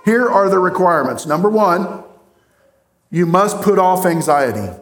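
A man preaching a sermon as pastor, speaking earnestly and directly to his congregation in a church sanctuary. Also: sits high.

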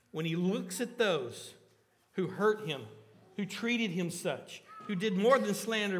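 A man's voice: high-pitched, a bit bright, big-room sound. A man preaching a sermon in church, earnest and often asking the listeners questions.

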